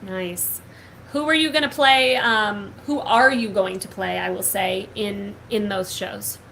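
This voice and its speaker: A woman's voice: mid-range voice, measured pace, vocal fry, pushed and bright, slight background noise, poor audio. A young woman hosting a casual online show, gushing and upbeat, with lots of filler words. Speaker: host. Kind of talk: casual chat.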